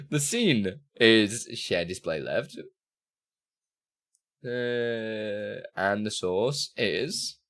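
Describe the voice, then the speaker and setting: A man's voice: on the low side, fairly bright tone. A man live-streaming in casual chat, talking through what he does on screen and muttering to himself. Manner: chatty, self-narrating, muttering to himself, bursts of laughter.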